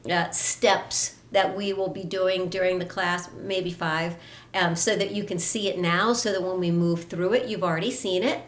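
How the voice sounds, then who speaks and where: A woman fitness instructor introducing a live online class in a warm, chatty way. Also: fairly low pitch, fairly even intonation, normal speed, reverberant.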